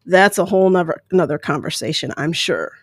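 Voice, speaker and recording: A woman's voice: on the low side, lively intonation, a little fast, husky, no room sound, clean studio sound. Candid woman telling a personal story. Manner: candid, emotional, rambling with restarts. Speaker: podcast host. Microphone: close microphone.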